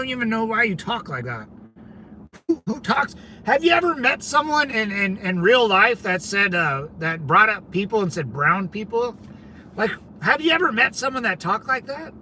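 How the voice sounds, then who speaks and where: A man's voice: sits high, very animated, moderate pace, bright, forceful tone, a little hiss or hum. A man from California hosting a casual livestream, rambling conversationally and talking back to his viewers, with lots of "man" and "dude". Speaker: livestream host.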